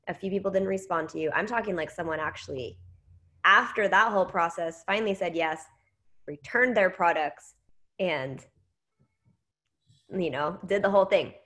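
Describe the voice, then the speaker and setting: Animated woman telling a story. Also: mid-range voice. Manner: animated storytelling with quoted dialogue. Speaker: network marketing trainer. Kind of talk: casual training talk.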